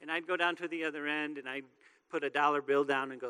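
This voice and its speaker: A man's voice: on the high side, fairly even intonation, fast talker, bright, forceful tone, clear, resonant tone. A man preaching a sermon as pastor, talking in a joking, conversational way. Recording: long reverb of a large hall.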